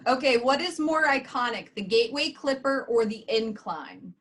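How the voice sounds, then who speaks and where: A woman co-hosting, asking brisk quiz-style questions in casual interview. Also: fairly high pitch, animated, fairly bright tone. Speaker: co-host.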